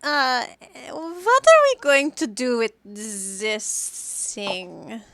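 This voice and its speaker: A woman's voice: a little high, sing-song, very slow, a bit bright. A woman playing a tabletop game, asking lots of questions and squeamish in casual chat. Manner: inquisitive, squeamish. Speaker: player.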